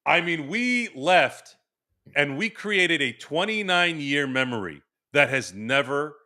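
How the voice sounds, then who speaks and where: Podcast host, male, forties, bright forceful voice, rambling animated storyteller. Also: a little high, slow. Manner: animated, laughing storyteller with many restarts. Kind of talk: casual storytelling. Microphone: remote stream microphone.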